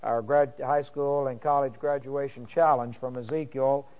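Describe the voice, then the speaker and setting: A man's voice: mid-range voice, fairly even intonation, normal speed, a little mellow, low-quality recording. A man as pastor teaching a sermon verse by verse, reading scripture aloud and breaking in with comments, with many fillers and restarts.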